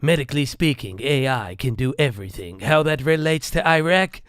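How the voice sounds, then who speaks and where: A man's voice: mid-range voice, lively intonation, moderate pace, a bit bright, clean tone, dry recording, close to an everyday voice. Guy doing a dry mock-serious promo narrator voice, lots of up and down, dead dry sound. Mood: deadpan. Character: deadpan male narrator of a mock tech promo.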